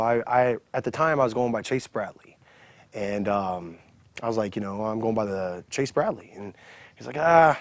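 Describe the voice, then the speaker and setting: A man's voice: medium pitch, no room sound. Man telling a wrestling story, drawl. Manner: animated storyteller, swears, acts out quotes. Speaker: interview guest, pro wrestler. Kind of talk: storytelling in an interview.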